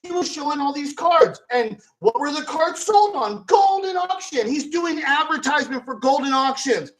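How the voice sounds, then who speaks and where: A man with a high voice tears into his critics in a profanity-laced rant. He swings between low grumbling and bursts of shouting, hosting his own sports card channel. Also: lively intonation, normal speed, poor audio. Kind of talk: profane ranting commentary.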